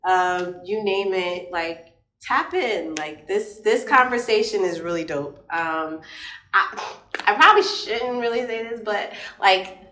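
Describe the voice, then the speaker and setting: Relaxed, slangy woman co-host for a chat show, quick to laugh, recorded in a roomy space. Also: mid-range voice. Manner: laid-back, slangy, laughs often. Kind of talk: casual podcast chat.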